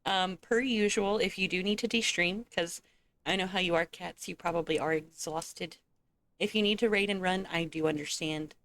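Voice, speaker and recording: A woman's voice: lowish voice, moderate pace, a bit bright. A woman streamer chatting casually and playfully, teasing her chat and laughing often. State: eating with a full mouth. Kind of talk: casual gaming livestream chat.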